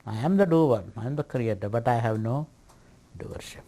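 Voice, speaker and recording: A man's voice: medium pitch, a little fast, dark tone. A man teaching scripture at a retreat. He speaks playfully, laughs often and argues a doubter's objections aloud. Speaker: spiritual teacher.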